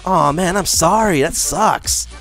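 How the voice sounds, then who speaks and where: A man's voice: high voice, slow pace, gravelly, fairly bright tone, soft background music. A young man hosting a gaming video, teasing another player in voice chat with a mocking, mock-polite tone. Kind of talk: casual trolling banter over game voice chat.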